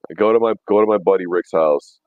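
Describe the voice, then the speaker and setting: Deep-voiced profane storytelling man. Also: quick pace, narrow, tinny audio. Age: 30s. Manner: profane storyteller, laughs often. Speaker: podcast host. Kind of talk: casual chat.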